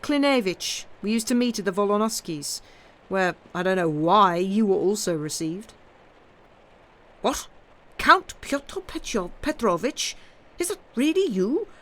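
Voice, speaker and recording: Woman putting on a stately old general, dignified, measured. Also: medium pitch, very animated.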